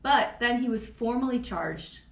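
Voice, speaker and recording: A woman from Florida co-hosting a casual true-crime podcast, swearing freely and laughing through animated storytelling. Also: fairly high pitch, unhurried, reverberant. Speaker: podcast co-host.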